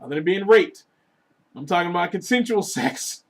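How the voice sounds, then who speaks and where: A man with a high voice rants to his viewers in a crude, profane, joking vlog. He swings between loud lines and muttered asides. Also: lively intonation, normal speed. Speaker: vlogger. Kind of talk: casual rant to camera.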